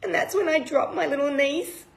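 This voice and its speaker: A woman's voice: high-pitched, moderate pace, creaky. A woman hosting a live stream, talking emotionally and bluntly with heavy swearing. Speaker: retreat host. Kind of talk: live-streamed personal talk. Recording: roomy echo.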